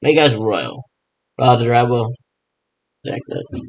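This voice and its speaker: A man's voice: mid-range voice, big pitch swings, unhurried, gravelly, dry recording, lo-fi sound. Man rambling through pretend radio checks. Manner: mimics radio check chatter, repetitive; talks to himself in back-and-forth. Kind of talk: rambling improvised monologue.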